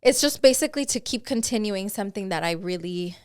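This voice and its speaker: A young woman co-hosting a podcast in casual chat, animated, swearing a lot and laughing often. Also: mid-range voice, a little fast, clear, resonant tone. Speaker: podcast co-host.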